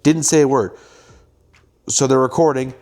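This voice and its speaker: A young man hosting a casual show, telling a story with animated delivery and acting out what people said. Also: mid-range voice, moderate pace. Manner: animated, acts out quoted lines. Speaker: host, filmmaker.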